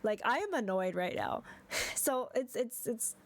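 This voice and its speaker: A woman's voice: on the high side, lively intonation, a little slow, no echo. A young woman streaming a game, chatting casually and exasperated, with frequent swearing and laughter.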